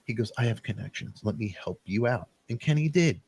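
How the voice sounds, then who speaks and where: Guy hosting a talk show, rambling and lively, pitch all over the place, kinda husky. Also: fairly quick, no room sound. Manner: rambling, animated storytelling with sudden jumps in pitch. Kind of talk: emotional casual monologue.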